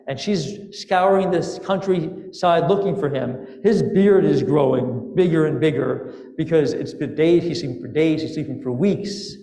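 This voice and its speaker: A male rabbi telling a fable in his sermon, in a casual, animated way. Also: fairly high pitch, measured pace, few pauses. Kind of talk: storytelling sermon. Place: synagogue sanctuary. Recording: echoey sanctuary with long reverb.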